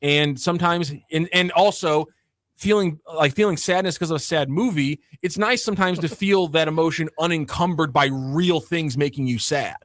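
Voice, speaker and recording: Man, sports radio co-host, a bit high voice, dry studio sound, earnest and long-winded. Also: moderate pace, fairly bright tone, no echo. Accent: St. Louis. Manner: earnest, explains his point at length. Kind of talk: casual sports radio banter. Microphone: studio mic.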